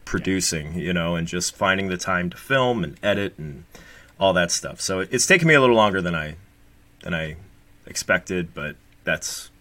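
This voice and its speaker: A man's voice: low-pitched, animated, moderate pace, sharp tone, no echo. A man in his late thirties chatting casually on a podcast, candid and rambling, swearing freely, on a proper microphone. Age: 30s. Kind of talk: casual chat. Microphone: proper studio microphone.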